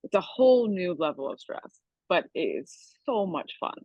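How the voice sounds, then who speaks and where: A woman's voice: fairly low pitch, big pitch swings, moderate pace, no room sound, lo-fi sound. A young woman from the Niagara region of Canada, a chef chatting casually with many likes and ums. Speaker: chef guest. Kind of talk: casual interview.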